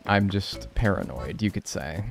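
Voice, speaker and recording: A man's voice: low voice, lively intonation, measured pace, creaky, faint music behind. A man streaming a game live, chatting casually and joking with his chat from his room.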